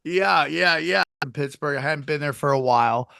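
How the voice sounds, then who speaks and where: A man hosts a podcast in relaxed conversation and tells stories with animation, acting out what other people said. His voice sits a bit high and sounds dry and close to the mic. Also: normal speed, vocal fry, no echo. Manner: animated storytelling, acts out quoted people. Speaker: podcast host and comedian. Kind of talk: casual chat.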